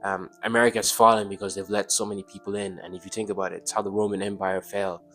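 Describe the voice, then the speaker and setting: A man's voice: lowish voice, little pitch movement, quick pace, a bit bright, faint music behind. A young man talking as a guest on a casual podcast, hesitant, stumbling and repeating words.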